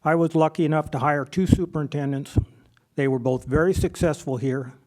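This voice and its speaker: A man's voice: on the high side, a little fast, a little mellow. A man running for school board, answering in a plain-spoken, hesitant way with false starts, in council chambers. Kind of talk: candidate forum answer.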